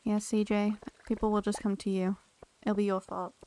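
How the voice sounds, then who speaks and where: A woman's voice: medium pitch, little pitch movement, moderate pace, warm tone. A young woman streaming a game, chatting casually and thanking viewers by name as she plays. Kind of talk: casual live-stream chat.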